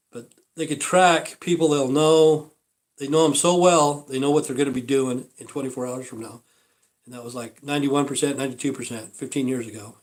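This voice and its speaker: Older guy, livestream rambling, swears freely, repeats himself, mid-pitched voice. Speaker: livestream host. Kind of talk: casual livestream monologue.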